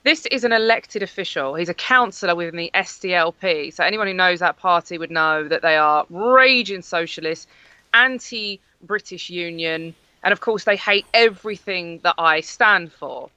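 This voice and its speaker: Bright, crisp woman from Northern Ireland. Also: on the low side, moderate pace, no echo. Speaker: guest. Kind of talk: interview answers.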